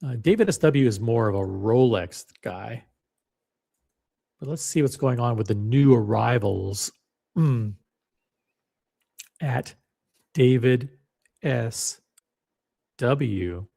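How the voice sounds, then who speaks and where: A man's voice: medium pitch, animated, slow, creaky, pauses often, warm tone. A man hosting his channel, reading out listings in a wry, musing way while browsing on screen. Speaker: watch channel host. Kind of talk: casual screen-share commentary.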